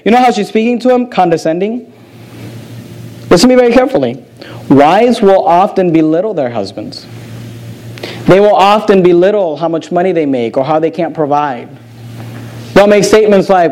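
A man with a notably high-pitched voice preaches a sermon. He reads scripture aloud and then explains it earnestly, often repeating phrases and asking the congregation questions. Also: expressive, moderate pace, darkish tone, low-quality recording. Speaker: pastor.

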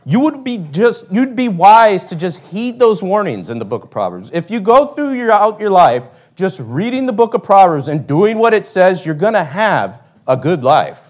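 A man's voice: high voice, very animated, moderate pace, hardly any pauses, a little mellow. A man preaching a sermon, emphatic, reading old-style scripture and often asking "right?".

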